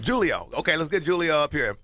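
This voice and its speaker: A man's voice: a little high, very animated, a bit bright, faint music behind. A man with a Southern Californian accent co-hosting a sports radio show in a studio, teasing and bantering in casual talk. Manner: playful, teasing, fast banter.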